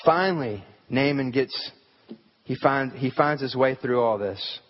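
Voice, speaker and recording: A man's voice: medium pitch, measured pace. A man preaching a sermon in a church, talking conversationally and asking the congregation rhetorical questions. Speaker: pastor. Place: church sanctuary. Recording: hall reverb, dull lo-fi sound.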